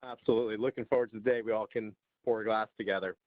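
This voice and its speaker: A man speaking quickly with a flat delivery while wrapping up a video call. His thanks come out brisk. The audio is tinny and phone-like. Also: fairly low pitch, dry recording. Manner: brisk thankful closing remarks. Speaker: chief resident hosting the chat.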